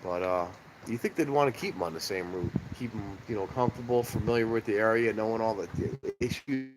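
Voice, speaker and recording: A man's voice: on the low side, fairly quick. Chatty nasal man streaming on a phone. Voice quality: nasal, congested. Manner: rambling, chatty, reads comments aloud. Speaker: live streamer, train-watching channel host. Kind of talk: casual live-stream chat. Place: outdoors by railroad tracks at night. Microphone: phone held in hand. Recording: outdoor noise on a handheld phone.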